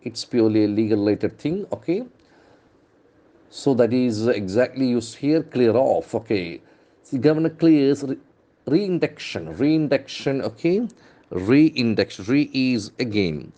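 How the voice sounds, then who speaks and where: Indian english guy doing a pronunciation lesson, mellow low-ish voice, says words over and over. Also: expressive. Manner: drills words aloud, repeating them slowly; spells words letter by letter. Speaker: English trainer. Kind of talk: newspaper-based pronunciation lesson.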